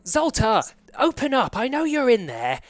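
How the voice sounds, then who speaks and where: Give me a man doing a shrill, indignant female court mage, loud and high-pitched, pounding for attention. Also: wildly swooping pitch, normal speed, no room sound, full character voice. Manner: shrill pleading shouts.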